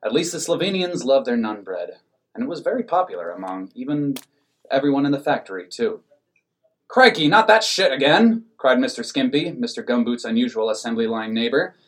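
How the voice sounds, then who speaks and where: A man narrating an absurd comic story in a deadpan, matter-of-fact way. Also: medium pitch, a little fast.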